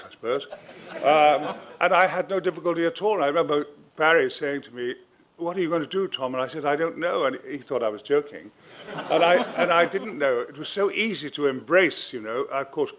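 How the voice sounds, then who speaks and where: An older man, a guest telling long, self-mocking anecdotes in an interview and chuckling through them. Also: mid-range voice. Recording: dull lo-fi recording.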